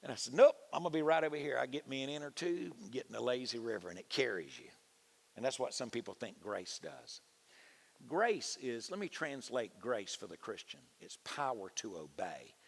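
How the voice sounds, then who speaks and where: A man's voice: big pitch swings, normal speed, vocal fry, breathy edge. A middle-aged man, preaching folksy sermon stories at a conference. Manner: folksy preaching, swings from low mutters to soaring shouts. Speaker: pastor.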